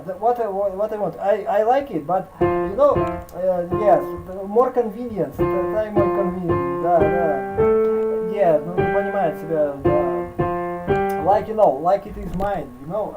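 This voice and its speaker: A man with a Russian accent teaching piano in a video call, speaking halting English mixed with Russian fillers and scatting melodies. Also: high-pitched, narrow, tinny audio. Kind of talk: online piano lesson.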